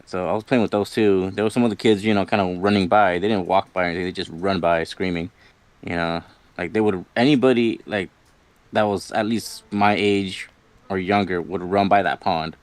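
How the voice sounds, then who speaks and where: A man's voice: deep voice, fairly even intonation, brisk, no echo. Rambling man telling a spooky story. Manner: rambling, lots of "like" and "you know", quotes himself. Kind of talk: casual spoken storytelling.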